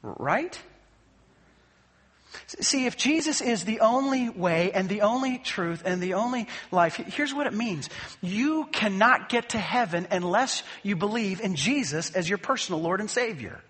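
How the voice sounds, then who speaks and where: A man's voice: sits high, expressive, unhurried, fairly bright tone, slightly rough. A man preaching a sermon as pastor, speaking emphatically and posing rhetorical questions to the congregation. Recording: long reverb of a large hall.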